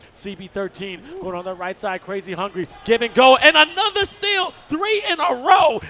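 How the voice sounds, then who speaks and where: A man giving live video game basketball commentary, excitable and full of colorful quips, often bursting into shouts. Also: very high-pitched, a little hiss or hum. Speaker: esports commentator.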